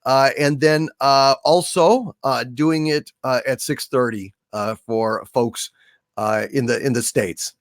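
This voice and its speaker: A man hosting a casual livestream, reading super chats aloud and toasting his viewers in a halting way with many fillers. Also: mid-range voice, dry recording. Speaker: livestream host.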